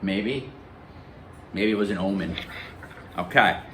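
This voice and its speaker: A man's voice: deep voice, slow pace, a little hiss or hum. A male teacher reading a novel aloud in a classroom and quizzing his students. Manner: lively, questioning students.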